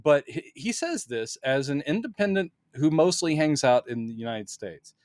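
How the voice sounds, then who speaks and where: A man's voice: a little high, moderate pace, no echo. A man co-hosting a podcast, talking casually and jokily about a film and acting out characters' lines. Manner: animated, jokey, acts out characters' lines. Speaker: podcast co-host. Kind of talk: casual movie breakdown chat.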